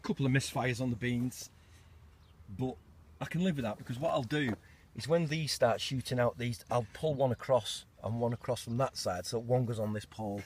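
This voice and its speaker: A man's voice: medium pitch, moderate pace, darkish tone, a little hiss or hum. Chatty man on an allotment. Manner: chatty, self-mocking, laughs often. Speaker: allotment gardener vlogger. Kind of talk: casual walking tour. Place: outdoor allotment garden.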